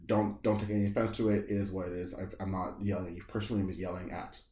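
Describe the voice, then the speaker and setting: Late-20s guy hosting a podcast, relaxed chatty style, lowish voice, echoey room. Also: rapid-fire. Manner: easygoing, frequent "mm-hmm" and "right?". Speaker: podcast host. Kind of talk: casual interview chat.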